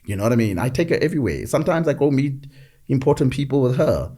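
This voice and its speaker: A middle-aged man telling stories in a reflective conversation, measured and often repeating words as he gathers his thoughts. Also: mid-range voice, mellow. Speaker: podcast guest.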